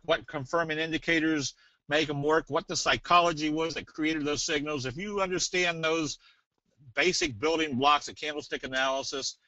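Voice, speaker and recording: A man presenting a trading webinar in a casual, folksy way, slipping in jokes and a sales pitch. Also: pushed and bright, no room sound. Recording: dull, dry webinar audio.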